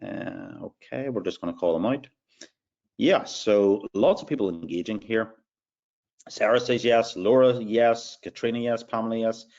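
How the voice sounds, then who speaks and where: A man's voice: fairly low pitch, measured pace, gravelly, a little mellow, dull audio. A man with an Irish accent hosting a live sales webinar, upbeat as he reads out attendees' names. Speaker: webinar host.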